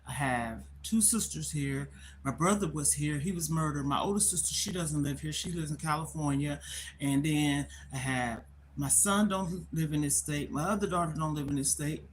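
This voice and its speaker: A woman's voice: low-pitched, normal speed, slight background noise. Middle-aged lady live on her phone, rambling and repeating herself, sad and close to tears. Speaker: livestreamer. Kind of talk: candid live-stream talk.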